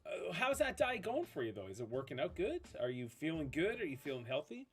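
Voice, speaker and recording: A man's voice: fairly high pitch, sing-song, brisk, slightly rough, faint music behind. A man streaming a game, chatting casually with his viewers, enthusiastic and rambling, reading their questions aloud. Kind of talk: casual chat with live viewers while gaming.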